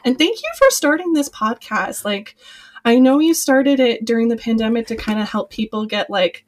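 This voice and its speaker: A young adult woman, a podcast guest and former cast member, talking in a chatty, rambling way with many fillers. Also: medium pitch. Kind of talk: casual podcast conversation.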